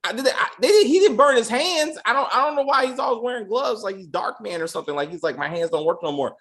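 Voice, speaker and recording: A man hosting a casual TV episode review, animated, laughing, and acting out the characters' lines in voices. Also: very high voice, fast. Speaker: show host.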